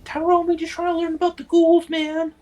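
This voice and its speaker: A woman at a tabletop game with a very high voice. She jokes around and talks over the others in casual chat. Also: monotone, fairly quick, dark tone. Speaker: player.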